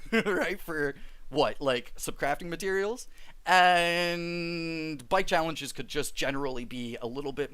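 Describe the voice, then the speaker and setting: A man's voice: on the high side, fairly bright tone. A man live-streaming a game, chatting with his viewers, reading their comments aloud and often laughing.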